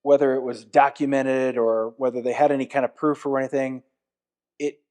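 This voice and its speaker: A man's voice: mid-range voice, little pitch movement, moderate pace, a little mellow. A man hosting a casual podcast interview, reflective and asking leading questions. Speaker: podcast host.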